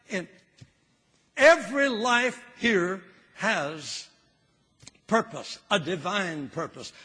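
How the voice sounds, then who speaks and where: A man's voice: high voice, sharp tone, husky, big-room sound. An older man preaching a sermon with fervor, repeating phrases for emphasis.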